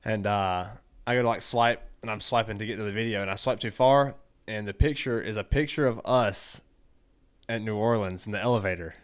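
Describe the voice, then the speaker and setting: A man co-hosting a casual podcast, telling stories animatedly, swearing freely and acting out other people in loud bursts. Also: lowish voice, brisk, clean tone. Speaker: podcast co-host. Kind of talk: casual storytelling chat.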